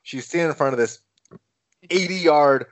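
A man co-hosts a casual chat about a film. He talks in a relaxed, musing way. He often poses puzzled questions. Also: fairly high pitch, moderate pace. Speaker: podcast co-host.

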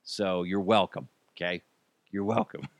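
A man's voice: deep voice, fairly even intonation, measured pace, gravelly, no room sound. Man, comedic podcast host; mock outrage, silly voices, dry close mic.

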